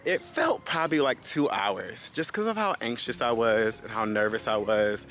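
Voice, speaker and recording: A man's voice: mid-range voice, lively intonation, moderate pace, fairly bright tone, faint music behind. A young man vlogging, telling a personal story in a casual way and speaking straight to his viewers. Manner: talks straight to viewers, calls them guys.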